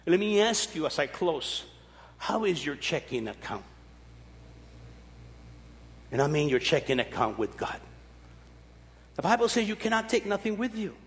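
A man's voice: on the high side, sing-song, normal speed, long pauses, in a large hall. A man in his sixties preaching a sermon, with an emphatic, repetitive, folksy delivery. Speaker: pastor.

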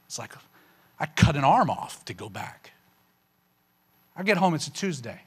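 Man, fairly high voice, casual storyteller, animated testimony. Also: normal speed, breathy edge. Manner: casual and conversational, with frequent fillers like "you know" and "man"; animated, rising sharply in pitch on emotional punchlines. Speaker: speaker giving a personal testimony.

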